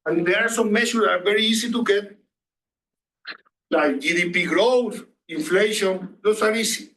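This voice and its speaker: Male lecturer, high voice, repeats himself, roomy distant sound. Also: normal speed, a bit bright. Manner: questions the students, repeats phrases. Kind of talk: classroom lecture. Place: classroom. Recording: echoey distant room recording.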